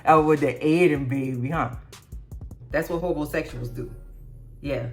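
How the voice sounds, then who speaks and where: A woman's voice: deep voice, normal speed, fairly bright tone, soft background music. A woman hosting a casual show recap, blunt and profane, with mocking asides. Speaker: YouTube recap host. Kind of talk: casual reaction commentary.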